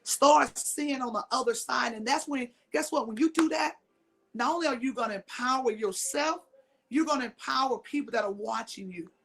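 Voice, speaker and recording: A woman's voice: high-pitched, normal speed, a bit bright. A middle-aged woman from Mississippi giving a motivational talk, emphatic, repeating her key lines and throwing questions at the audience. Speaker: motivational speaker.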